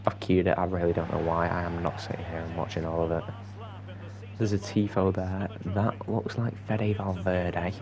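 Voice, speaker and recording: A young man commentating on his own football video game match, moving between quiet muttered asides and excited outbursts. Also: deep voice, moderate pace, a crowd in the background. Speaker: gaming YouTuber. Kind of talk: gameplay commentary.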